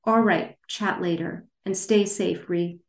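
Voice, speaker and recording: A woman voicing a scheming, smooth-talking Italian man in a book reading. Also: sits high, steady tone, slow pace. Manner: smooth, easygoing flair. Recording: roomy echo.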